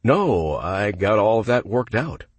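A man's voice: on the low side, very animated, unhurried, slightly rough, no echo, exaggerated voice. A man voicing a nervous male rental applicant who gives short, hesitant answers on a phone call.

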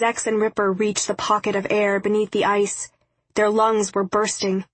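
Husky woman reading an audiobook. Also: mid-range voice, dry recording, low-quality recording. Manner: steady, measured reading. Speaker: audiobook narrator. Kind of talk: scripted narration.

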